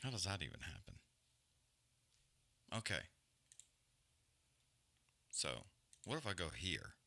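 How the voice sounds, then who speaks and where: A man's voice: sits low, wildly swooping pitch, slow pace, vocal fry, sharp tone, no echo. A man hosting a livestream, giving casual, profane, rambling commentary on a fight and griping about stream glitches. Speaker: livestream host.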